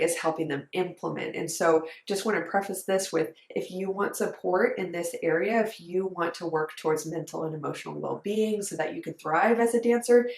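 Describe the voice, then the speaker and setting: A woman's voice: on the low side, creaky. A woman who coaches dancers, talking to camera in an earnest, emphatic, conversational way. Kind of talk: direct-to-camera coaching talk. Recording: echoey room.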